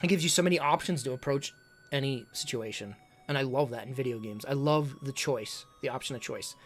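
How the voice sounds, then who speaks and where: A streamer talking casually on a live stream, gushing and excitable, often stumbling and repeating words. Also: mid-range voice, a little fast, a little hiss or hum. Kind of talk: casual livestream talk ranking games.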